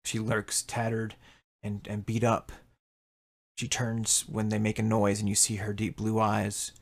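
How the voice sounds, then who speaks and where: A man's voice: fairly low pitch, completely flat delivery, a little slow, creaky. A man narrating a tabletop game as game master, describing scenes and laughing often. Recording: faint music behind.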